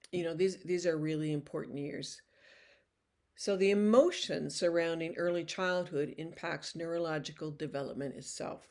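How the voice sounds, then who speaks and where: A woman's voice: sits low, a little mellow. An older woman giving a recorded lecture in a casual, conversational way, often restarting phrases and slipping in "you know.". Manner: acts out toddlers' voices when quoting them.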